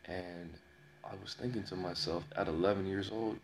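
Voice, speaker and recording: A man telling a personal story in a slow, dramatic way, repeating phrases and pausing often. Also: deep voice, steady tone, slight background noise. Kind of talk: personal story told to camera.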